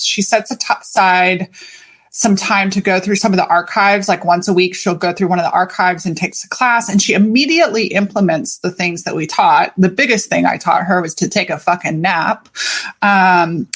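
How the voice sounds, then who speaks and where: A woman hosting a podcast as a life coach, talking in an energetic, chatty way and swearing freely. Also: mid-range voice. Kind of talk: casual podcast monologue.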